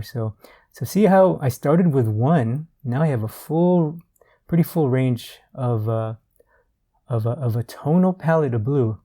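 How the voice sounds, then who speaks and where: A man giving a relaxed art tutorial while he works, thinking aloud with fillers and repeated words. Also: medium pitch, unhurried. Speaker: art instructor.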